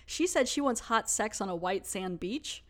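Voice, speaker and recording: A woman's voice: mid-range voice, expressive, normal speed, fairly bright tone. Chatty lady podcaster going over an episode, casual, says like a lot. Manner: chatty, lots of "like". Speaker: podcast host.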